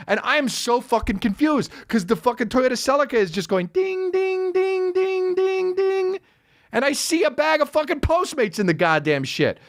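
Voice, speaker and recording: Lively, high-voiced man telling a comic story. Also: a little fast, hardly any pauses. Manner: animated, swearing, acts out people in the story. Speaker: podcast host, comedian.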